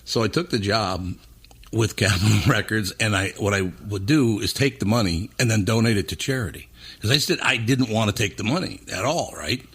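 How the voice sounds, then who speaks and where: A man hosting a casual talk show, telling a rambling, animated story. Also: on the low side, brisk, slightly rough. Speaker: host.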